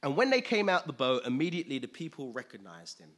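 A man preaching a conversational sermon, chatty and quick to laugh, often asking listeners if they follow. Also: medium pitch, huge pitch swings, fairly bright tone.

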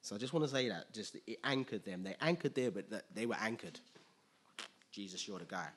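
Husky, forceful preacher man. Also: fairly low pitch, animated, fairly quick. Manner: chatty, laughs often, asks listeners if they follow. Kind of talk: conversational sermon.

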